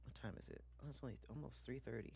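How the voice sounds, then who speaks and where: A man's voice: medium pitch, wildly swooping pitch, racing, creaky, a little mellow, slightly rough. A man streaming casually, chatting loosely with slang and swearing while he reacts to videos and reads viewer comments.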